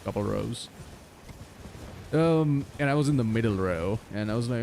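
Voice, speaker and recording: A young man in his twenties chats casually with his stream viewers while gaming, swearing freely and laughing often. His voice sits at a middling pitch but swings widely, with a gravelly rasp at the edges. A steady noisy hiss sits under the recording. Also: normal speed.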